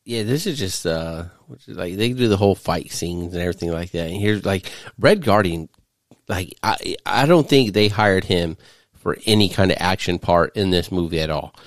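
Deep-voiced man, loud laughing podcast host. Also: normal speed, no room sound, studio quality. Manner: profane, laughs often, animated storytelling. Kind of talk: casual movie recap chat. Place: studio.

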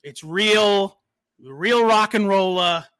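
A male podcast host in casual chat, excitedly promoting an event with lots of fillers. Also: high voice, slow pace, smooth, no room sound, studio quality. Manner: excited, hyped promo talk.

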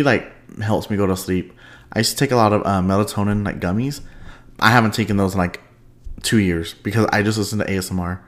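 A man hosting a solo podcast in a bubbly, unscripted chat, sleepy at the end of a long day, laughing often and swinging his pitch up for playful asides. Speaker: podcast host.

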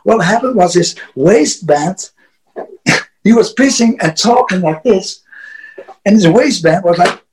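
A Dutch man with a notably high voice tells a loose, profane road story as a podcast guest. He laughs often and restarts words as he goes. English is not his first language, and his Dutch accent is clear. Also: lively intonation, slow pace, long pauses, low-quality recording. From Netherlands. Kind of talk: casual storytelling.

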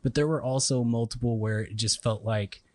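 A man shares his film opinions in a relaxed chat, stumbling and restarting as he goes. His voice sits mid-range, recorded dry and close to the mic. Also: mid-range voice, normal speed, no echo. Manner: hesitant, frequent restarts and fillers. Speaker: podcast co-host. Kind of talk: casual film discussion.

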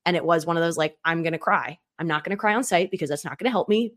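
A woman with a slightly low-pitched voice talks openly on a podcast. She tells a personal story in a reflective, conversational way and leans on filler words. The talk is relaxed and unscripted. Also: very fast, few pauses. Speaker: podcast co-host. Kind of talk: casual chat.

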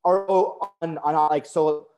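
A man's voice: on the high side, steady tone, measured pace, a little mellow, soft background music. A man co-hosting a podcast, enthusiastically talking through a TV episode in casual chat. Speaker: podcast co-host.

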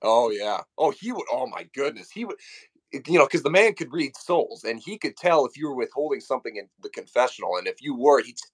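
A man's voice: medium pitch, a little fast, no room sound. A young adult man, a podcast guest, telling stories in a casual, easygoing way. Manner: lively, easy storyteller with fillers. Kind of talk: casual chat.

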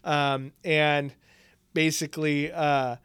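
A man's voice: fairly high pitch, flat delivery, slow, fairly bright tone, smooth, no room sound. A man co-hosting a casual movie chat, laughing often and swearing freely as he rambles. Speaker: podcast co-host.

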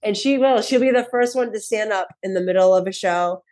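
In a casual podcast chat, a female comedian in her thirties tells stories, acts out quotes, and laughs often. Her mid-range voice is a little mellow, and her pace runs slightly quick.

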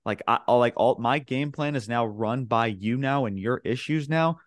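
A man's voice: medium pitch, normal speed, dry recording, clean studio sound. A man co-hosting a podcast, recapping wrestling in loose, rambling casual chat full of filler words, acting out what people said. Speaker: podcast co-host.

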